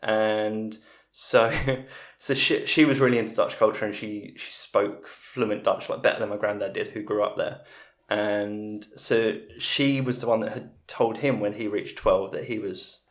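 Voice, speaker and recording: A man's voice: fairly low pitch, fairly even intonation, a little slow. A man, a comedian guest, telling long rambling stories in casual chat. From England. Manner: rambling storyteller with frequent restarts. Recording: roomy echo.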